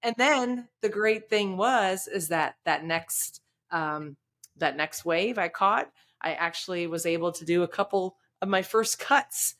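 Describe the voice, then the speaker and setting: A woman's voice: fairly low pitch, a little slow, fairly bright tone. A woman hosting a podcast, chatting enthusiastically and sharing a personal story. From United States. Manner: enthusiastic, tells personal stories. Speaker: podcast host. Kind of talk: casual chat.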